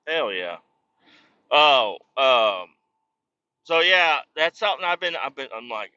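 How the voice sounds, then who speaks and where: A man's voice: medium pitch, expressive, takes it slowly, pauses often, pushed and bright, lo-fi sound. A man hosting a podcast, telling a rambling, profane, self-mocking comic story. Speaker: podcast host. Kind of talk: comedic storytelling monologue.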